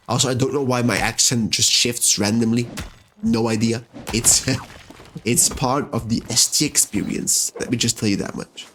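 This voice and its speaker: A let's-play host offers chatty gameplay commentary and talks back to the game's characters, faint music playing in the background. His mid-range voice is a bit bright with lively intonation at a measured pace, over slight background noise.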